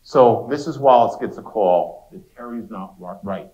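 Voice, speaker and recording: A man's voice: on the low side, normal speed, darkish tone, highs cut off. A man giving a university lecture in a conversational way, speaking directly to the students with quips. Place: lecture hall. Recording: echoey lecture hall.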